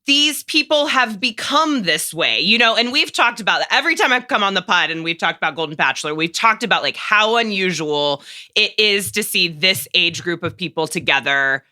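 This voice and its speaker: Bright, blunt woman podcast guest. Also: mid-range voice, moderate pace. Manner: animated, blunt, joking, swears casually. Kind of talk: casual podcast chat.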